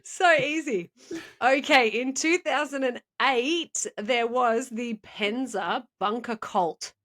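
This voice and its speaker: This woman's voice sits fairly high and has a fairly bright tone, and she takes her time speaking. As a podcast co-host in a casual chat, she rambles through a story and laughs a lot.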